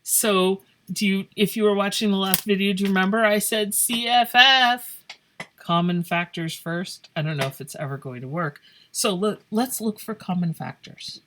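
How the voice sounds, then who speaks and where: A woman's voice: mid-range voice, moderate pace, a bit bright, slight background noise. A woman teaching a math lesson in a playful, joking way, thinking aloud as she works through problems. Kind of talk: casual classroom lesson. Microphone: phone camera over paper.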